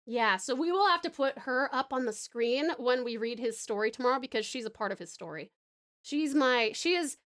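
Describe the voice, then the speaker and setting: A woman's voice: on the high side, expressive, moderate pace, fairly bright tone. An Australian woman streamer chatting with viewers while she draws, gushing and calling them hun and darling. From Tasmania, Australia. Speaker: live streamer. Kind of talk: casual live-stream chat while drawing.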